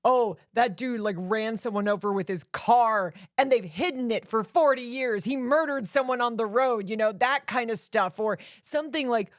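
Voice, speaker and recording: A woman co-hosts a casual podcast chat, her voice sitting a little high. She talks through the story in animated bursts. The sound is dry and close, with no room echo. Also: normal speed, hardly any pauses. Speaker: podcast co-host. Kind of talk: casual movie discussion.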